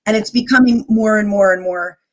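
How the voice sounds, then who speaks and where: Give me a woman guest chatting openly, rambling a bit as she thinks aloud. Her voice sits at an ordinary middle pitch. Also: a little fast. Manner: open, rambling, with many fillers and restarts. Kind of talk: casual conversational chat.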